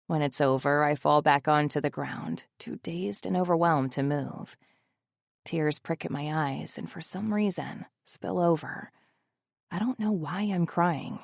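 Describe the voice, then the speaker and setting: A woman's voice: low voice, gravelly, no echo. A woman narrating a first-person romance audiobook in an intimate, emotional way on a close studio mic.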